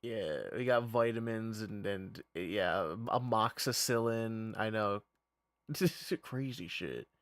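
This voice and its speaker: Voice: medium pitch, takes it slowly, dry recording, studio quality. A game streamer chatting casually while playing, rambling, laughing often and swearing. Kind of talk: casual gaming stream commentary.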